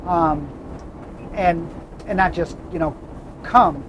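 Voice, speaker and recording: Riding in a moving car, the high-voiced host of a travel vlog rambles through anecdotes at a moderate pace, correcting himself along the way in casual storytelling chat. The highs are cut off and the background is noisy.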